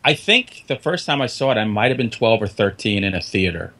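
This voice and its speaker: A man's voice: on the low side, brisk. A middle-aged man co-hosting a horror podcast, telling stories in casual chat and laughing often. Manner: animated storyteller, laughs often. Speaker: podcast co-host.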